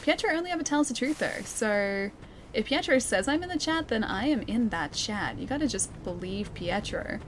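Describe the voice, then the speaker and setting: A woman's voice: fairly high pitch, lively intonation, normal speed, noisy background. A young Australian woman chatting casually while playing a game, reading chat and laughing often. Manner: chatty, giggly, reads chat aloud. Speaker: streamer. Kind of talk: casual gameplay commentary.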